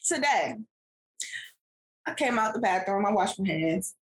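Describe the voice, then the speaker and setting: A woman, casually telling a family story as a podcast co-host, animated and laughing often. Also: mid-range voice, measured pace. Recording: echoey room.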